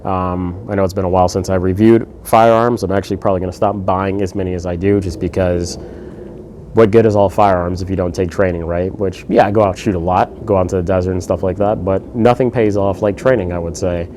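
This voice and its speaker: Low-voiced guy doing a chill gun review, swears a lot, lots of ums. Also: fairly even intonation, fairly quick, a little mellow, a little hiss or hum. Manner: laid-back, profane, lots of ums and uhs. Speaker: firearms reviewer. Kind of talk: casual product review.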